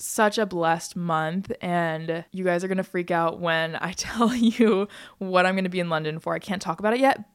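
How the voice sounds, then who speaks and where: A young American woman hosting a podcast, chatting casually and bubbly, speeding up in quick bursts with frequent laughs. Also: mid-range voice, dry recording, clean studio sound. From United States. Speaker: podcast host.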